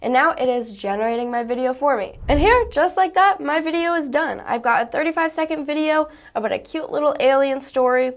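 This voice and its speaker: A bubbly woman with a somewhat high voice, chatting casually as she walks viewers through a software demo. She is talkative and easily goes off on little tangents. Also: fairly quick, few pauses. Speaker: YouTuber demoing software. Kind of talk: casual tutorial chat.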